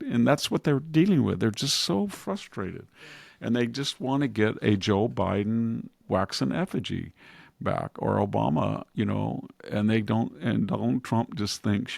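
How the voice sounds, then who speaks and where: Older male podcast host, gravelly and low, casual commentary that slips into mock quotes, dry sound. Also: measured pace, a little mellow, no echo. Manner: acts out quoted voices, chuckles, digressive.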